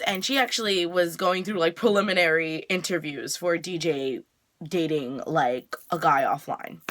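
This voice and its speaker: A woman's voice: lowish voice, pushed and bright. A woman hosting her own review vlog, recapping a TV episode in a chatty way with lots of "like" and "you know". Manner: chatty, filler-heavy retelling with frequent "like". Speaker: TV review vlogger.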